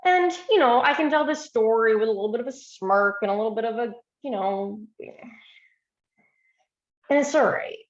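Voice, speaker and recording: A woman's voice: a little high, normal speed, pauses often, roomy sound, dull audio. A woman physician giving a storytelling presentation, talking earnestly and with emotion over a video call.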